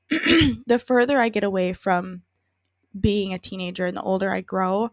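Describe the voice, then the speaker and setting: Late-twenties female podcast co-host, casual and chatty, mid pitch, dry studio sound. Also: unhurried, no room sound. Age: 20s. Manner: chatty, rambling, laughs easily. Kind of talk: casual chat.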